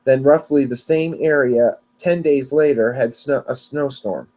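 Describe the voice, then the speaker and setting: A man's voice: mid-range voice, unhurried, warm tone. A man hosting a weather podcast on his own, talking casually and rambling, often restarting and correcting himself, a little sleepy. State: yawning, sleepy. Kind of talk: casual solo podcast talk.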